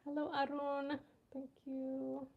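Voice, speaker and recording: A woman's voice: sits high, completely flat delivery, takes it slowly, gravelly, highs cut off. A young American woman chatting casually on a live stream, laughing hard and often, wheezing as she reads viewers' comments. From USA. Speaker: vlogger reading live chat.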